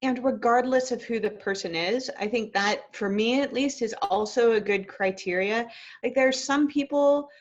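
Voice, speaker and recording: A woman's voice: a little high, moderate pace, dull audio. A woman clinical psychologist, a guest in a casual webinar conversation over a video call, speaking in a thoughtful, earnest and reflective way.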